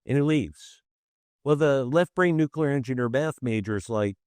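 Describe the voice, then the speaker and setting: A man, a podcast guest, telling a personal story in conversation, halting and repeating himself as he restarts phrases, and acting out the voices he quotes. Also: mid-range voice, clean tone, dry recording, clean studio sound. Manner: animated, acts out quoted voices.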